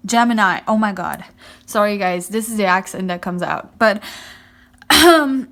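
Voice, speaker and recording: A woman giving a casual pick-a-card tarot reading, chatty and a little awkward on camera, who keeps repeating "I do think" with many fillers. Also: on the high side. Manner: first time on camera, a bit awkward.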